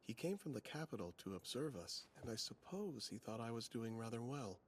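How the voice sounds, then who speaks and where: An actor playing a polite, modest village priest who is an older brother, speaking calmly and humbly. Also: male voice, mid-range voice, a little fast. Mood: humble. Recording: anime clip with chatter over it.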